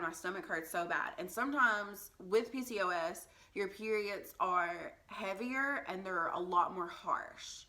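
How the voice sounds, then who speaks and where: A young woman with a bright, clear voice tells a personal story straight to her viewers. She talks candidly and conversationally, dropping plenty of "like" and "um" as she goes. Her pitch sits in an ordinary middle range. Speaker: vlogger.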